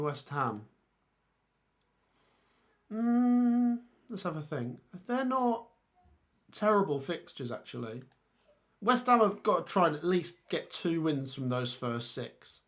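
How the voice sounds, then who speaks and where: A man's voice: on the high side, lively intonation, slow, fairly bright tone. Chatty man reading out football fixtures. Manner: chatty, thinks aloud, reads out viewer comments. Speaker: football channel host. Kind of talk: casual live-stream chat.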